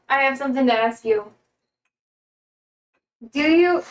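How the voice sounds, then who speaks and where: A woman's voice: high voice, animated, a little slow, darkish tone, rough recording. An American woman cooking in her home kitchen on a live stream, chatting casually and answering her chat. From United States.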